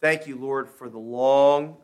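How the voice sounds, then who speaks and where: A man's voice: mid-range voice, steady tone, darkish tone, clean tone. Preaching man, folksy and emphatic. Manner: folksy storytelling, then slow emphatic scripture reading. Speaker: pastor. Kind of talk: sermon with joke and scripture reading.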